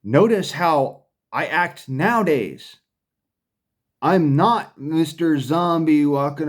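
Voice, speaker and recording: A man's voice: a little high, lively intonation, slow pace. A man delivering a profane, combative ranting monologue to camera, often stumbling and restarting his sentences. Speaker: vlogger.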